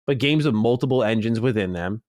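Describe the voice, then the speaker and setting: A man co-hosting a gaming podcast in casual, animated chat, swearing now and then and reading listener mail. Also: mid-range voice, fairly quick, no echo, clean studio sound. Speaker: podcast co-host.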